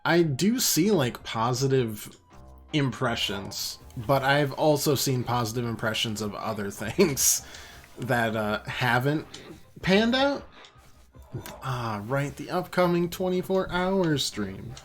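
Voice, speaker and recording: A man's voice: mid-range voice, animated, slow pace, soft background music. A man streaming a video game, chatting casually, reading menus aloud and poking fun at himself. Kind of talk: casual let's play commentary.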